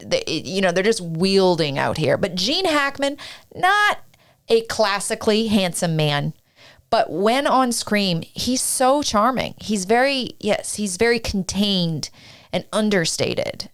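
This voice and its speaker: A woman's voice: mid-range voice, expressive, slow pace. A woman co-hosting a podcast, talking in a thoughtful, earnest way. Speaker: podcast co-host. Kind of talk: casual chat.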